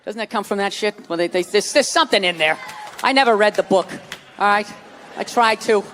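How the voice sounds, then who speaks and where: A man doing a stand-up comedy set, profane and animated, slipping into mocking voices. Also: high voice, fairly quick, a little hiss or hum. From United States. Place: large hall before a live audience. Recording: live stage recording in a reverberant hall with crowd.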